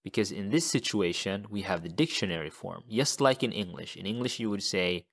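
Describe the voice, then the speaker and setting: A man teaching a language lesson in a slow, deliberate way, repeating each example phrase. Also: on the low side, animated, creaky.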